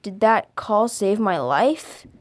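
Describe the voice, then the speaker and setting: A woman reading scary stories aloud for a video, halting now and then to stumble over and correct her words. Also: mid-range voice, animated. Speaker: video creator.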